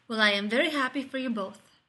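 A woman's voice: fairly high pitch, brisk, pushed and bright. A woman voicing a perceptive, gossipy male lab colleague with slightly formal phrasing. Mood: teasing.

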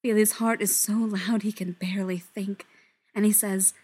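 A woman narrating a story in a soft voice that often drops to a whisper. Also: medium pitch, steady tone, normal speed, husky. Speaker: story reader.

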